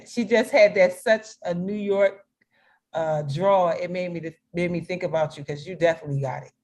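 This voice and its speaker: A woman's voice: lowish voice, normal speed, darkish tone. A woman leading a video meeting as facilitator, chatty and playful with frequent laughs, heard over a video call. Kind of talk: casual video-call chat.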